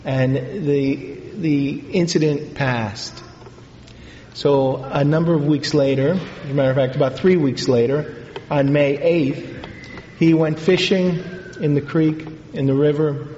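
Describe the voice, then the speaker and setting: A man, a priest, telling a story in a sermon, in an unhurried, halting way with pauses and fillers. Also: mid-range voice, mellow, slight background noise. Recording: echoey hall, dull lo-fi sound.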